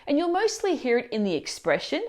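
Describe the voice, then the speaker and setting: Woman, language teacher, scripted lesson narration, lively up-and-down delivery, clear explanations. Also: high-pitched, fairly quick. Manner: clear, explanatory, asks the viewer questions.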